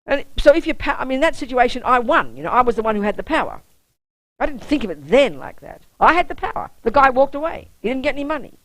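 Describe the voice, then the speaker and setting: A woman's voice: sits high, very animated, quick pace, dry recording, rough recording. A woman who is a Buddhist nun giving a public dharma talk, telling a personal story bluntly and often checking that the audience understands.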